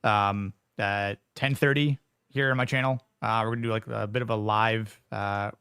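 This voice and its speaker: A man's voice: lowish voice, steady tone, moderate pace, pushed and bright, clean tone, no room sound, studio quality. A man hosting a casual podcast discussion, hesitant and full of fillers and restarts. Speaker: podcast host.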